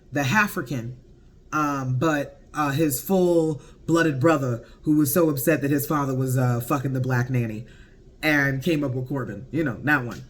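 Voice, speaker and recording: Man, slightly high voice, casual show recap, animated. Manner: animated, laughing, acts out quotes. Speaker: show reviewer.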